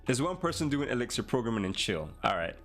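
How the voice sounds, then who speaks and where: A man's voice: medium pitch, sing-song, fast talker, fairly bright tone. Male stream host, laid-back, thinks aloud with chat; faint music in the mix. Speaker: livestream host, programmer. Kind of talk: casual livestream chat.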